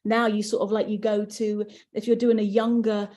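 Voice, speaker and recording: Mellow English woman narrator. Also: mid-range voice, flat delivery, normal speed. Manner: chatty, explains with examples. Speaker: audiobook narrator guest. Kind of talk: casual conversation.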